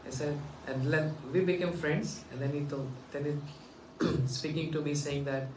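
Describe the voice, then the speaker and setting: A man from India gives an earnest, gentle devotional talk and voices the people in his story. His voice sits a little high, and he is picked up from a distance in an echoey room with faint ambient noise behind him. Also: fairly even intonation, moderate pace. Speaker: spiritual teacher.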